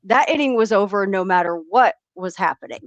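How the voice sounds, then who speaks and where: A woman's voice: medium pitch, expressive, a little fast, no room sound, muffled recording. A woman co-hosting a live chat stream, talking emphatically and incredulously. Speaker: co-host. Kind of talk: casual live reaction chat.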